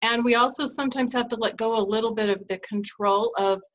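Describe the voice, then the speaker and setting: A woman's voice: a little high, fairly even intonation, brisk, dull audio. A middle-aged woman hosting a relationship advice talk, telling stories from her marriage and laughing easily. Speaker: host.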